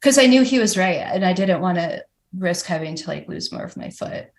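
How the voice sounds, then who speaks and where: A woman's voice: lowish voice, expressive, brisk, vocal fry. A woman guest on a podcast, telling her story candidly and animatedly, with many "like" fillers. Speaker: guest, professional climber. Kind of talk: casual podcast interview.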